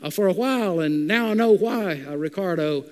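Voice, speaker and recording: A pastor quoting a gentle kindly priest. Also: male voice, high-pitched, expressive. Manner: halting, with fillers. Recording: long reverb of a large hall.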